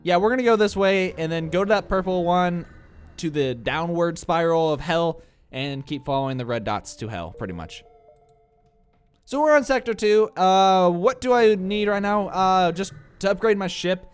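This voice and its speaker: A young man with a Midwestern accent rambles through casual let's-play commentary, tossing in filler uhs and jokes at his own expense. His voice is smooth and clear, sitting a little higher than most men's, and slightly congested from allergies. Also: lively intonation, moderate pace, soft background music. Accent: Midwestern American. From American Midwest. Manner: rambling, self-mocking, many filler uhs. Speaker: gameplay commentator.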